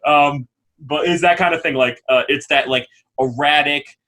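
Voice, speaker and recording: A man co-hosting a casual podcast, talking animatedly, often laughing and breaking into quick character impressions. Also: a little high, sharp tone. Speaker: podcast co-host. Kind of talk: casual chat.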